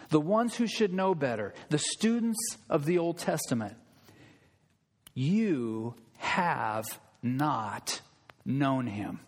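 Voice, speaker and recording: A man's voice: a little high, darkish tone. A man preaching a sermon in a church, emphatic and impassioned, building his points with repetition and rhetorical questions. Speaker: pastor. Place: church sanctuary. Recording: long reverb of a large hall.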